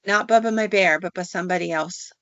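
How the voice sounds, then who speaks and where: A woman's voice: on the low side, quick pace, a bit bright, dry recording. A woman voicing a wandering man who travels with a tame bear, speaking in a plain, folksy way as he asks for a place to stay. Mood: pleading. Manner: folksy, plain-spoken, asking a favor. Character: drifting male bear showman, worn and pleading. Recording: dull, dry recording.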